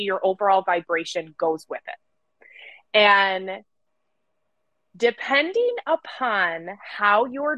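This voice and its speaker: A woman co-hosting a podcast, talking casually with an energetic, playful and profane manner. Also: mid-range voice, dry recording, rough recording. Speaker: podcast co-host.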